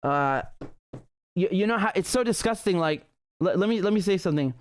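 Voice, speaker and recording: A man's voice: high voice, lively intonation, brisk. A man hosting a livestream political commentary show, ranting heatedly with profanity and frequent restarts. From Britain.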